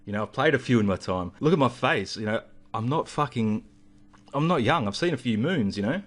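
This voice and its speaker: A man's voice: medium pitch, a bit bright. A man in a vlog, ranting and rambling through a story with heavy swearing. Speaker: vlogger.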